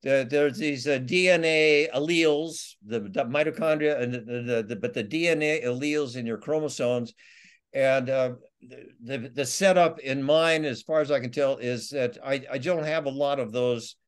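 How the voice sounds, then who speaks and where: Halting, laughing male storyteller. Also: mid-range voice, smooth. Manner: halting, many restarts and laughs, acts out quotes. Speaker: author and guest. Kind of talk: casual storytelling interview.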